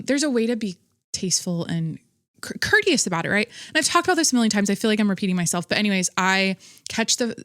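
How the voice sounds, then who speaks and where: A woman hosting a podcast, telling a story in a blunt, profane, animated monologue. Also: on the low side, no room sound, studio quality. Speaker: podcast host. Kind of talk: casual monologue.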